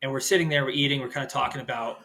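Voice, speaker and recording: A man's voice: medium pitch, fairly even intonation, racing, bright, forceful tone. A man who is a guest on a podcast, chatting casually, laughing easily and swearing. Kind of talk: casual chat.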